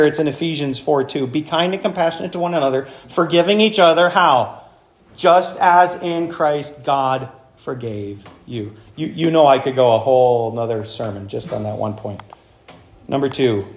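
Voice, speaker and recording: A man preaching a sermon as pastor, animated, swinging from hushed passages to loud, high-pitched points. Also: reverberant. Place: church.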